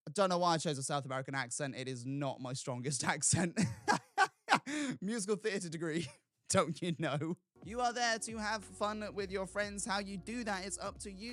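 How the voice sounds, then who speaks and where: A man's voice: sits high, fairly bright tone. A man hosting his own video in a chatty, self-mocking way, laughing at his own asides as he talks from a room at home. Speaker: YouTube host. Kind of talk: casual scripted video talk.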